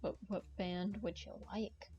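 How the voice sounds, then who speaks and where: A woman's voice: medium pitch, fairly even intonation, unhurried, warm tone. A young woman streaming a game, chatting in a playful, rambling, joking way to her viewers. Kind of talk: casual gaming stream chat. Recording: dull lo-fi stream audio.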